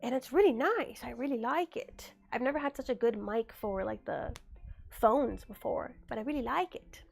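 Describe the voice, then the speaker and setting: Young woman streamer, slightly higher voice, easygoing chat with viewers, a little under the weather. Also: expressive, normal speed, vocal fry, a little mellow. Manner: chatty, reads and answers chat aloud. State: getting over a cold. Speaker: livestreamer. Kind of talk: casual livestream chat.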